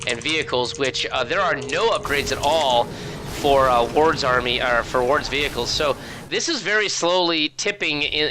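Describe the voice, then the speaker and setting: Excited male game caster over music. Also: a little high, rough recording. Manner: excited, rapid play-by-play that drops to muttering at the stream setup. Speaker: esports caster. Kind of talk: live game commentary. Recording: music playing behind the voice.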